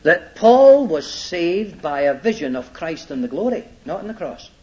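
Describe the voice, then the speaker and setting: A man's voice: on the high side, big pitch swings, measured pace, mellow. A man teaching a Bible sermon, emphatic, repeating his points and checking that listeners follow. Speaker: preacher. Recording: dull lo-fi old sermon tape.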